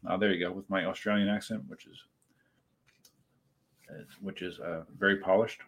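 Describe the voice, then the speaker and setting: Speaking at a measured pace and pausing often, this man has a low, slightly rough, fairly bright voice with fairly even intonation. He hosts a laid-back livestream from his desk, reading out viewer comments and replying in a rambling, chatty manner.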